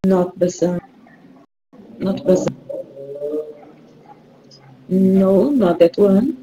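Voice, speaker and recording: A woman's voice: mid-range voice, dark tone, lo-fi sound, a little hiss or hum. A woman with a Brazilian accent, a Portuguese native speaker, patiently running a rhyming word game for an online class as the teacher. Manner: slow, patient, encouraging.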